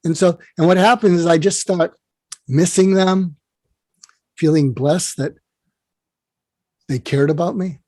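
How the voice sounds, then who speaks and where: Male interview guest, fairly high voice, dry sound; rambling storyteller who restarts often. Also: measured pace, pauses often, darkish tone, no echo. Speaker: psychiatrist guest.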